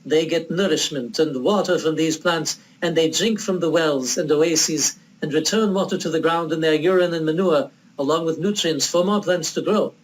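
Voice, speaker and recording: A proud, stern Bedouin elder, put on by a man in a theatrical Arabic accent, laying out his case point by point. The voice sits a touch higher than plain talk and sounds set back from the mic. A faint hum of ambience lies underneath. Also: moderate pace, few pauses, natural voice, low-quality recording. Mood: lecturing. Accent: put-on Arabic accent, old film style. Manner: earnest, reasoning, pointed.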